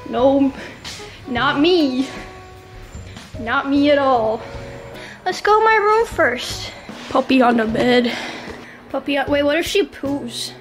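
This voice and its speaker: A woman vlogging her day at home in casual chat, cooing at and scolding puppies in a playful, excitable way. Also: sits high, slow pace, pauses often, soft background music, low-quality recording.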